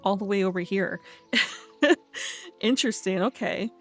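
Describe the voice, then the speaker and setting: A woman's voice: medium pitch, steady tone, measured pace, faint music behind. A woman casually commenting on a game, reading quest text aloud, laughing and stumbling over fantasy names. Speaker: let's play host.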